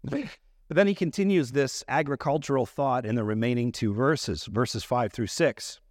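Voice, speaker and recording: A man's voice: medium pitch, moderate pace, no echo, studio quality. A man pastor preaching a sermon, explaining scripture in an earnest, teaching manner.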